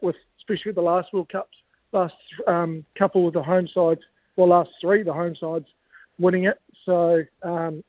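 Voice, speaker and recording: Kiwi bloke telling cricket tour yarns, high voice, dull dry sound. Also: male voice, no room sound. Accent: New Zealand. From New Zealand. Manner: storytelling, laid-back, laughs often. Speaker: guest, former cricketer. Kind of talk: casual podcast chat.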